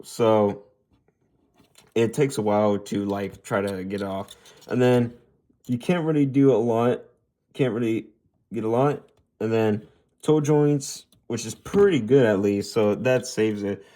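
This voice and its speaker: A man's voice: lowish voice, unhurried, pauses often, mellow. A young man casually reviewing action figures, rambling and stuttering as he repeats himself while posing them. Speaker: toy reviewer.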